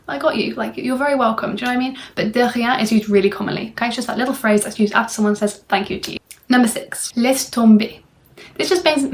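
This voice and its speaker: Chatty young woman teaching French. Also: fairly high pitch. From England. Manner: chatty, many fillers like "like" and "you know". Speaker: French tutor. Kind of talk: casual language lesson video.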